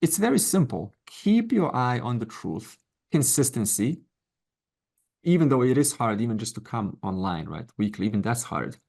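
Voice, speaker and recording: A man's voice: mid-range voice, big pitch swings, moderate pace, gravelly, darkish tone. A middle-aged man teaching a Vedanta class online, speaking conversationally and encouragingly, with asides and quoted voices. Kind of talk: informal lecture to an online class.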